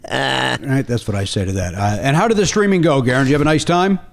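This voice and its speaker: A man's voice: mid-range voice, gravelly. A man hosting a podcast, chatting casually and telling a story with plenty of swearing and acted-out back-and-forth. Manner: animated, swears casually, acts out quoted dialogue. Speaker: podcast host.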